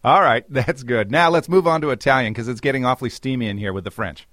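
A man's voice: medium pitch, quick pace, fairly bright tone, no echo, clean studio sound. A man hosting a radio interview, playful and jokey as he asks questions. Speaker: radio host.

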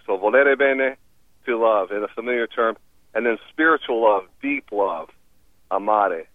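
A language expert phones in to a radio interview, where this man explains foreign phrases with an upbeat, teacherly air and a ready laugh. His lowish voice keeps a measured pace, and the dry recording sounds tinny through the phone line.

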